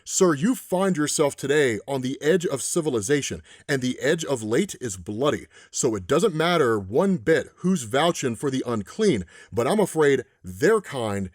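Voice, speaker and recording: Man voicing wary comic-book barkeep, formal slow drawl, dry close sound. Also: medium pitch, sing-song, no room sound. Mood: stern. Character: wary frontier bartender, formal and stern.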